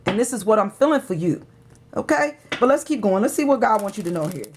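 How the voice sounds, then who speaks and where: A woman's voice: medium pitch, expressive, fast, noisy background. A woman giving a tarot reading, emotional and preachy, urging the listener on. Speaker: tarot reader.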